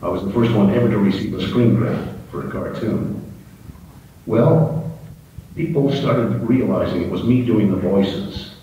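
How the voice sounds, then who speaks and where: An older man tells stories from his career in a fairly low voice, with fillers in an easy, anecdotal way. He is recorded from a distance in a very echoing auditorium, with a crowd and hiss behind him. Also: normal speed, mellow, highs cut off. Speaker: guest speaker. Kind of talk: storytelling talk with voice impressions. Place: university auditorium. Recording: distant mic in echoing hall with audience and hiss.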